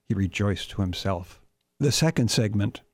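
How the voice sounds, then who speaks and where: A man, the author, reading his own novel aloud in a measured, deliberate way. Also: fairly low pitch, expressive, dry recording.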